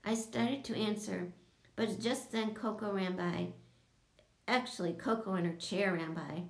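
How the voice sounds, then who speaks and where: A woman's voice: mid-range voice, measured pace, creaky, echoey room. A woman narrating a children's audiobook, switching into voices for each character.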